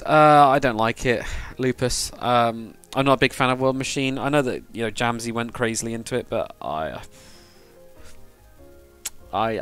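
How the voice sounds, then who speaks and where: A man's voice: mid-range voice, fairly bright tone, clear, resonant tone. A British man from the UK chatting casually with viewers while he builds in a game, rambling and swearing now and then. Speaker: livestreamer. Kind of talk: casual live-stream chat while building.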